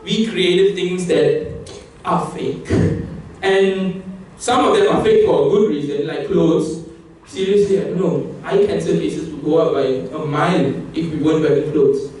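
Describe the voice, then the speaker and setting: A young man giving a humorous, emphatic competition speech, at times climbing into excited outbursts. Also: a little high, measured pace. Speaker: public speaking contestant. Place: competition hall. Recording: echoey hall from far off.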